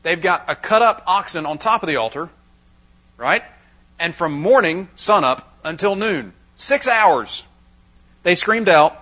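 A man's voice: high-pitched, big pitch swings, moderate pace, bright, forceful tone, breathy edge, low-quality recording. A man preaching a Bible-teaching sermon to a live audience, dramatizing the scripture with wry asides.

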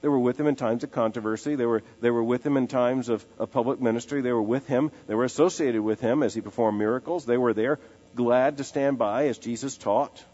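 A man preaching an expository sermon, emphatic, repeating phrases and slowing down to give them weight. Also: medium pitch, dark tone. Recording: dull lo-fi sound in a large reverberant hall with faint music.

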